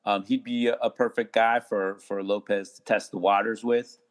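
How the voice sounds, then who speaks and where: A man talking casually as a podcast guest, halting with many restarts and fillers. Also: lowish voice, flat delivery. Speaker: guest attorney.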